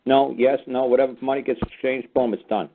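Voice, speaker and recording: A man's voice: medium pitch, steady tone, a little fast, slight background noise. A man hosting a call-in radio show, blunt and profane, lecturing callers. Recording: phone-like narrow sound.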